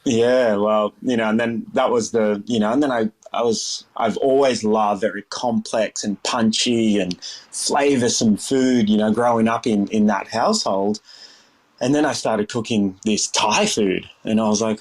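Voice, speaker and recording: A man's voice: fairly low pitch, unhurried. A man in his thirties with an Australian accent, telling his story as a guest chef in a casual, rambling way, with many fillers and restarts, his voice jumping up when he acts out his younger self.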